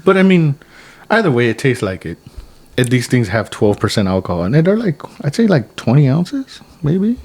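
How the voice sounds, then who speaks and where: A man's voice: medium pitch, normal speed. Rambling young man chatting on a podcast. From United States. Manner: rambling storyteller, many restarts, animated quotes. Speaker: podcast co-host. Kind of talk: casual chat over drinks.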